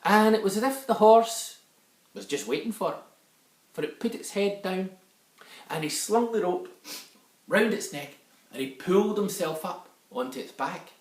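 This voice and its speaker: A man's voice: sits high, lively intonation, normal speed, pauses often. Scottish man telling a children's story. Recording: echoey room, a bit far from the mic.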